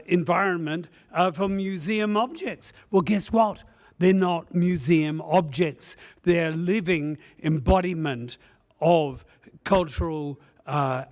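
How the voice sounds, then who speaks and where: Slow-talking man presenting. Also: sits high. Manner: humorous, rambling storyteller with frequent "uh" fillers. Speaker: conference presenter. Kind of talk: conference presentation. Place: conference session room.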